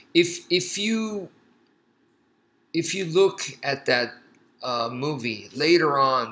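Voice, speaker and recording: A man's voice: medium pitch, bright, forceful tone, rough recording. A man who teaches martial arts, talking casually and thoughtfully, telling a story and acting out quoted lines as he explains.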